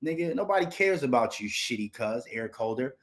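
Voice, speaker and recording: A man's voice: medium pitch, lively intonation, a little fast. A man hosting a commentary show, ranting in a heated, profane way and repeating his outbursts. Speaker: host. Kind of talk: angry commentary rant.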